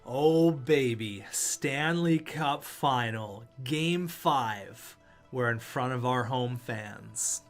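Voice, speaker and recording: A young man commentating his own hockey video game with excitement, calling plays and urging the players on. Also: medium pitch, extremely slow, faint music behind. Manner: hype, shouting at players, play-by-play. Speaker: gaming video creator.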